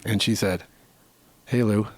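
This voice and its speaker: A man in his fifties co-hosting a podcast in casual chat, excitable and rambling, with stammering restarts. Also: on the low side, a little slow, dry recording. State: sweaty and giddy. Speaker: podcast co-host and musician.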